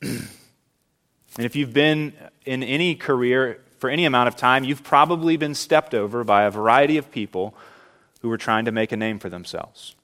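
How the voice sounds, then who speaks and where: A man delivers a sermon in an earnest, emphatic preaching voice at a middle pitch. He leans into key words and slows right down on them. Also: a bit bright. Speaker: pastor.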